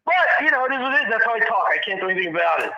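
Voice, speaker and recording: A high, nasal man's voice with a gravelly edge and a sharp, bright tone. He rambles in casual chat and makes fun of himself. The sound comes over a dull, muffled phone line. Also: animated, racing. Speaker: phone-in guest.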